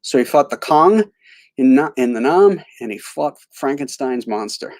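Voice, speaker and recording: A man's voice: medium pitch, expressive, normal speed, darkish tone, no echo. Rambling man chatting about old films. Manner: rambling, many fillers and restarts. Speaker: host. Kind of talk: casual film commentary.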